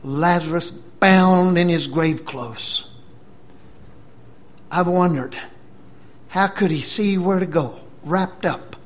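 A man preaching a sermon, retelling scripture dramatically, dropping to a whisper and then booming out. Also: takes it slowly, pauses often.

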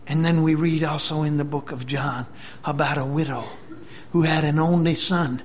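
A man preaching a sermon, retelling scripture dramatically, dropping to a whisper and then booming out. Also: steady tone, moderate pace, slight background noise.

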